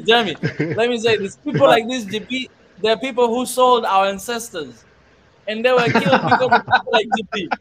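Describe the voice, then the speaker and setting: A man's voice: very high voice, normal speed, a crowd in the background. A man on a talk show scolding a friend in mock-serious tones and laughing through his words. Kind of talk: joking panel chat.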